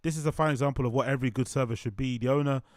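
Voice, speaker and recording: A man's voice: medium pitch, steady tone, racing, no room sound, studio quality. A man hosting a reaction stream, chatting casually and jokingly, swearing often and repeating himself. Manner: joking, profane, repeats phrases. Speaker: host reacting to videos.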